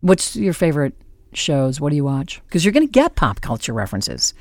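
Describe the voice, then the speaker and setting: Her voice sits low and moves briskly, and the studio-quality audio has no echo. As the host of a podcast, she spins a lively anecdote, laughing along and voicing the quotes of the people she describes.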